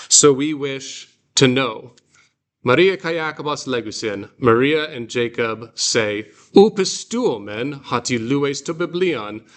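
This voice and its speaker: A Greek teacher leads a guided reading class in a mid-range voice. He explains slowly and patiently, using fillers and restarting sentences.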